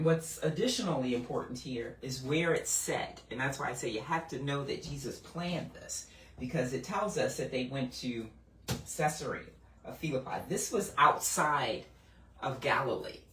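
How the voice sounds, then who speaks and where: A woman giving a conversational Bible teaching, animated and full of restarts as she works through a passage. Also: extremely low pitch, normal speed, a little hiss or hum. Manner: animated, acts out quoted voices, frequent restarts. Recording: roomy, mic at a distance.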